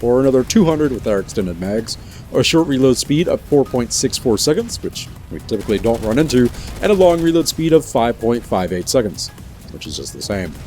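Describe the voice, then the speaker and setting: A man's voice: medium pitch, sing-song, fairly quick, darkish tone, soft background music. A man hosting a gaming video in a playful, jokey commentary style with teasing asides. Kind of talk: casual game commentary.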